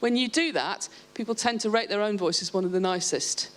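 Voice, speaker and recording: A woman speaking on a live panel, explaining her ideas in a lively way and restarting her sentences often. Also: mid-range voice, fairly quick. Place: stage at a live event.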